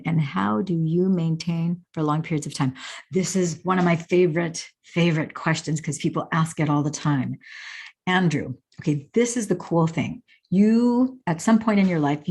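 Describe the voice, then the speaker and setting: A woman host with a slightly low voice answers viewer questions one by one. She talks with warm enthusiasm and an animated delivery, often bursting into excited exclamations. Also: breathy edge.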